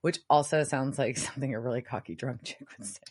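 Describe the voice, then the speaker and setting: A woman's voice: rumbling low, fast, slightly rough. A young adult woman, a podcast co-host, recapping a TV episode in casual chat with wry asides. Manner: animated storyteller, wry asides.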